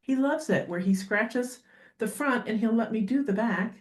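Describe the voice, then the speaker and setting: A woman guest on a podcast talking as a dog behaviorist, animated and quick to act out little scenes. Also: fairly high pitch. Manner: animated, acts out dogs and owners in quick asides. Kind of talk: podcast interview conversation. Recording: roomy echo.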